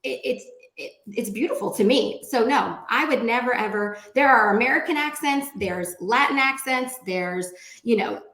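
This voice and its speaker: A woman's voice: fairly high pitch, normal speed, fairly bright tone, echoey room. A woman speaking as a panelist at a round table discussion, talking in a chatty way with many fillers and restarts. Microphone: video call.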